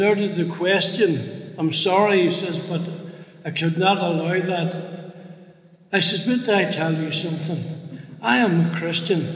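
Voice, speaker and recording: An older male pastor with a high voice preaches to his congregation, acting out both sides of a conversation with dry humor. The sound rings with long reverb in a big echoey hall. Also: distant mic. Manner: storytelling with lively quoted dialogue, humorous. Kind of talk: sermon.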